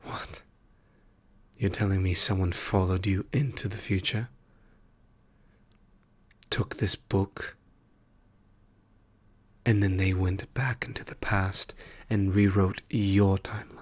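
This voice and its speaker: A man's voice: low-pitched, fairly even intonation, takes it slowly, pauses often, breathy edge, heavily acted. A man whispering as Loki, the wry trickster clerk. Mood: musing whisper. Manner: soft whispering, musing and wry. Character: male trickster god, now a weary file clerk. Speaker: ASMR performer. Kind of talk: whispered role-play.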